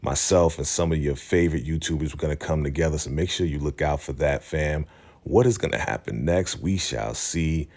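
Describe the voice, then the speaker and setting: A man hosting his channel, giving a casual, animated, slangy recap of a TV episode. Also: rumbling low, fairly quick, gravelly. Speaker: channel host.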